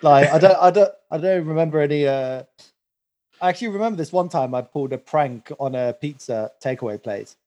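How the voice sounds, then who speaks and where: A young man co-hosting a casual podcast, rambling through a story with plenty of "like" and "um". His voice sits a little on the high side. He talks loosely, the way friends chat. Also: animated, a little fast, dark tone. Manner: rambling storytelling, many fillers. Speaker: podcast co-host.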